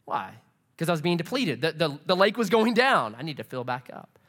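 A male pastor preaches with an animated, storytelling delivery. His voice sits high and swoops widely, with a bright, forceful edge. He keeps it conversational and lively. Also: a little fast. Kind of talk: sermon.

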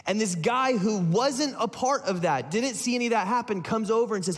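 Man preaching, high voice, casual joking storytelling, long hall reverb. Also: a little fast, breathy edge. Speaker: pastor. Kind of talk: sermon.

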